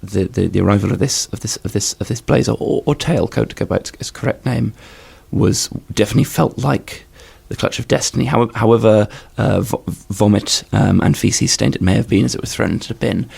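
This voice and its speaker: A young man giving a deadpan, stammering comic interview, repeating words as he goes. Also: fairly low pitch, brisk, gravelly, few pauses, husky. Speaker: comedian guest. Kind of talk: improvised comedy interview.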